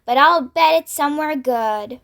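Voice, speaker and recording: A woman's voice: sits high, measured pace, creaky, a bit bright, heavily acted. A woman voicing a kindly old male grasshopper who leads and reassures the others, in a storybook reading. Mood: reassuring. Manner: cheerful, reassuring.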